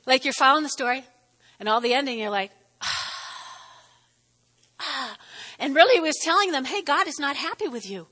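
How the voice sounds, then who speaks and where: A woman teaching a lively, chatty Bible lesson, acting out quotes as she goes. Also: high-pitched, fast, big-room sound. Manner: animated, chatty, acts out quotes. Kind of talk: lively sermon.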